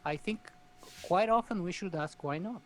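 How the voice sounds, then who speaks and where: A man's voice: high-pitched, moderate pace. A man who hosts his own podcast, a guest here, chatting casually and giving encouraging advice. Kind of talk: casual chat.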